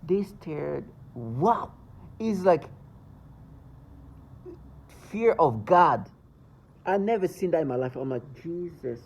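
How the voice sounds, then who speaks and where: A man's voice: on the high side, lively intonation, slow, creaky, pauses often, darkish tone, rough recording. A man delivering an agitated, insistent monologue to his viewers, rambling and emphatic. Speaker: vlogger.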